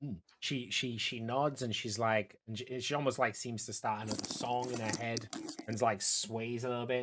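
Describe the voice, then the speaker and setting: A man's voice: mid-range voice, steady tone, moderate pace, noisy background. A man narrating a tabletop game as game master, rambling with many fillers and restarts.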